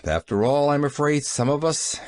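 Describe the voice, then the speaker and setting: A man voicing a kind, lonely middle-aged doctor who talks gently and a little wryly in an audiobook. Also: on the high side, animated, normal speed, lightly acted. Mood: gentle.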